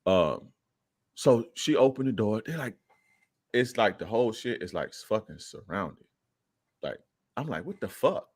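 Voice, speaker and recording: A man's voice: lowish voice, a bit bright, no room sound, clean studio sound. A young man, a podcast guest, casually telling a profane street story and acting out the quoted lines in a raised voice.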